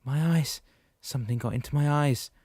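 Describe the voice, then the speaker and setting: A man's voice: quick pace, warm tone, no echo, lightly acted. A man doing a panicky, whiny young man. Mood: alarmed. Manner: high, alarmed, whiny pleading. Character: anxious young man, complaining, fearful.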